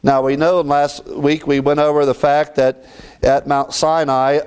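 A man preaching a sermon, reading scripture and swinging between raised lines and hushed ones. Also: fairly high pitch, level tone, measured pace, clean tone.

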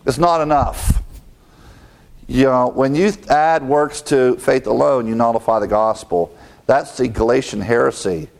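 A man's voice: mid-range voice, unhurried, creaky, a little mellow. A man preaching an expository sermon with an earnest teaching tone, quoting scripture and asking rhetorical questions.

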